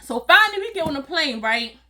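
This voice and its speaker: A woman telling a casual, animated storytime to her viewers, acting out voices and laughing along. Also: high-pitched, a little fast. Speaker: storytime vlogger.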